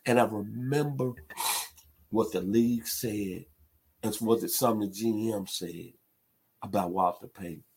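A man's voice: lowish voice, unhurried, creaky, pauses often, a little mellow, slight background noise. A man from Memphis, giving an emphatic sports commentary monologue. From Memphis, Tennessee. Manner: emphatic, builds to impassioned outbursts.

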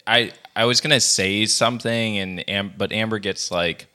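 A man's voice: on the low side, fairly even intonation, moderate pace, pushed and bright, smooth. A man co-hosting a casual podcast with his partner, easygoing and dry in his storytelling. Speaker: podcast co-host.

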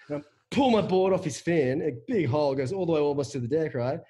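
A man with a husky voice, telling a profane, animated story in casual chat as a podcast co-host. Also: on the high side, fast, hardly any pauses.

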